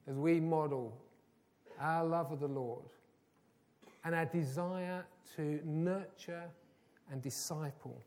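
A man's voice: medium pitch, a little mellow. Earnest man preaching a sermon. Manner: earnest, rising to emphatic repetition.

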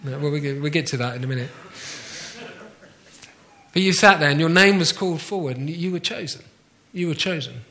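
A pastor, a middle-aged man whose bright, forceful voice sits slightly high for a man, preaches a warm, conversational sermon. He slows down to repeat his key lines and keeps turning questions back to the congregation.

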